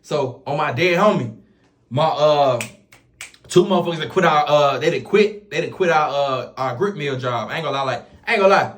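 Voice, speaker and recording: A man's voice: fairly high pitch, normal speed. A man telling a prison story to camera in slangy, casual talk, piling up oaths and fillers. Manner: slangy, repeats oaths and fillers, animated retelling.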